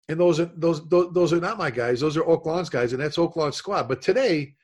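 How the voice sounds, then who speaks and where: A man's voice: fairly high pitch, brisk, few pauses, a little mellow. A middle-aged man, a firefighter and instructor, telling a story in casual chat, acting out voices and saw noises.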